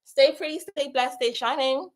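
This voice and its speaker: A woman with a somewhat high voice hosts a live stream and chats casually with her viewers. She talks with a passionate, gushing energy, repeating her phrases and calling out viewers one after another. Her delivery is loose and unscripted, typical of a spiritual coach talking straight to her audience. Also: steady tone, moderate pace. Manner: effusive and passionate, repeats herself, shouting out viewers. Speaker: spiritual coach and livestream host. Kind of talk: casual livestream chat reading out comments.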